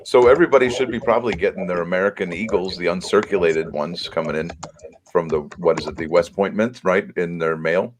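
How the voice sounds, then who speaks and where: Low-voiced man chatting about coins. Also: fairly quick, background noise. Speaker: co-host. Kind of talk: casual livestream chat.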